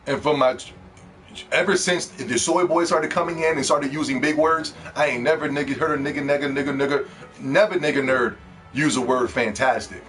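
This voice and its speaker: A man with a steady, mid-range voice that's a bit bright goes on a profane, scornful rant about video games at a moderate pace. As a game commentator, he mocks other players while faint music plays in the background.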